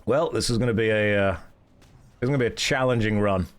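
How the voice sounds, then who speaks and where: A man with a fairly low voice chats casually while streaming a game. He explains mechanics in a playful, self-mocking way. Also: quick pace, clean tone.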